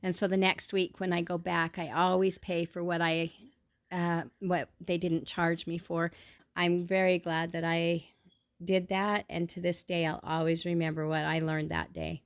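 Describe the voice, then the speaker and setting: A woman telling a personal childhood story to her family in an earnest, heartfelt, unhurried way. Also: lowish voice, little pitch movement.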